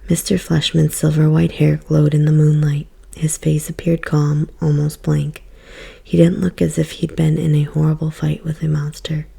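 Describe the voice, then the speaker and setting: A woman giving a soft, whispered ASMR book reading as storyteller. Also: sits low, completely flat delivery, normal speed, gravelly, husky.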